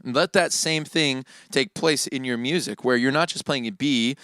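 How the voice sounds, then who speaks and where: A man teaching worship keyboard in a relaxed, casual way, often tagging his points with "right?". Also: medium pitch, moderate pace, over loud music. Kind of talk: casual instructional talk. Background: keyboard playing.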